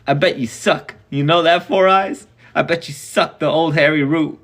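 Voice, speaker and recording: A man's voice: on the high side, steady tone, moderate pace, a bit bright, pitched above the performer's own voice, lightly acted. A man doing a jeering schoolyard bully. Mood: taunting. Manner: jeering, sneering. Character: big clumsy taunting schoolyard bully boy.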